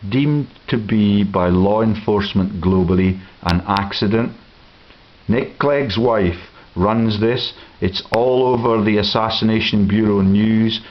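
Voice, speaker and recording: Man, campaigner, low-pitched, very slow, accusatory tone, muffled recording with faint hiss. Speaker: political campaigner. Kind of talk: ranting commentary over film clips. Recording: dull lo-fi with hiss.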